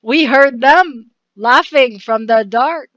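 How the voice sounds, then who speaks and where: A woman's voice: sits high, slow pace, fairly bright tone, no echo, voice pushed up. Woman voicing a frightened peasant, Quebecois accent, distressed cries, dry dull sound. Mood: distraught. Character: frightened peasant refugee, adult.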